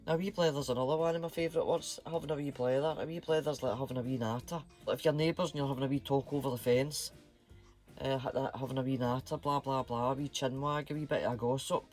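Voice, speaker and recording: A man's voice: mid-range voice, fairly even intonation, fast, darkish tone, soft background music. Chatty Scottish man. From Scotland. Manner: chatty, rambling, playful. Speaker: channel host. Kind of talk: casual vlog chat.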